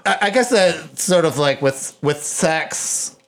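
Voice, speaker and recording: A man's voice: fairly high pitch, expressive, slow, vocal fry. A man co-hosting a podcast, chatting casually and telling bawdy stories with a giggle. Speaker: podcast co-host. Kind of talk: casual chat.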